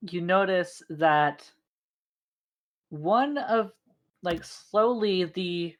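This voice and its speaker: A woman narrating a tabletop game as game master, in slow, halting narration with fillers. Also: low-pitched.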